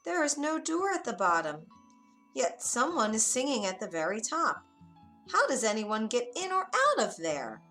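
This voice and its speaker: A woman voicing a gentle young prince in a storybook reading, earnest and reassuring. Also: on the high side, huge pitch swings, moderate pace, soft background music, voice pushed up, heavily acted. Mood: curious. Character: gentle young male prince, curious and kind.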